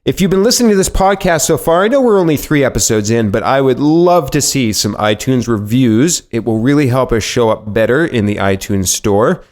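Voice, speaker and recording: A man's voice: mid-range voice, expressive, a little fast, few pauses, a little mellow. An upbeat man from Massachusetts hosting a marketing podcast, introducing the episode and chatting with his guest in a self-deprecating way. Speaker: podcast host.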